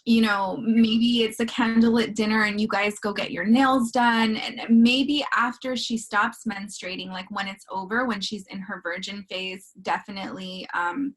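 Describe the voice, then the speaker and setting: A woman's voice: mid-range voice, steady tone, normal speed, few pauses. A woman hosting a workshop, casually answering questions and rambling with frequent restarts and filler words. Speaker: podcast host leading a workshop.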